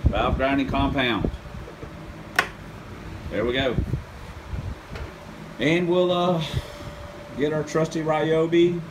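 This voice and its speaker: A man's voice: fairly high pitch, slow pace, long pauses, noisy background. A man hosting a casual car-project vlog from his home workshop, laid-back and rambling, poking fun at himself. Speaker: channel host.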